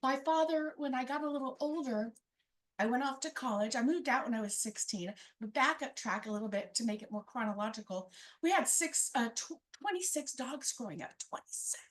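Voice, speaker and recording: High-pitched female storyteller, wry and chatty, telling family stories live. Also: animated, fairly quick. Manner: conversational, wry, acts out family members' quoted lines.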